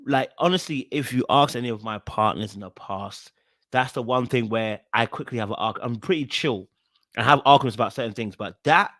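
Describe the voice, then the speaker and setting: A man's voice: mid-range voice, a little fast, no echo, studio quality. Chatty man reacting, repeating himself. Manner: animated, repeats himself, many fillers and restarts. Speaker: reaction video host. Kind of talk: casual commentary on a reality show.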